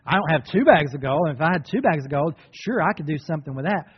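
A preacher acting out a timid, excuse-making servant. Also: male voice, on the high side, lively intonation, fast, breathy edge, big-room sound, muffled recording. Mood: sheepish.

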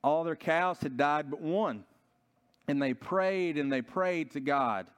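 A man's voice: a little high, slow pace, clear, resonant tone. A man preaching a sermon in a church, telling a story earnestly and often restarting his sentences. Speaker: pastor.

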